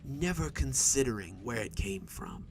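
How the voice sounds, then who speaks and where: Sinister inhuman stranger, played by a man: raspy, wheezing half-whisper, smug menace, for a horror story reading. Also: medium pitch, animated, measured pace, soft background music. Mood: taunting. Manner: smug, taunting. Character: sly menacing uncanny male stranger.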